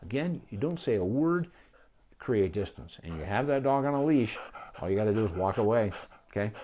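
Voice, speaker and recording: Brief: male vet teaching dog owners, animated delivery, lowish voice that swings wide, goes quiet for gentle praise. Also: fairly quick, a little hiss or hum. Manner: animated, with many restarts and asides; drops to a soft voice for calm praise. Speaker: veterinarian. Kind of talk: casual instructional talk to camera.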